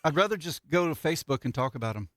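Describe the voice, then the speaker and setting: A man co-hosting a morning radio show, chatting casually with deadpan asides and reading listener texts aloud. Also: on the high side, fast talker, no room sound, studio quality. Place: radio studio. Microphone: studio microphone.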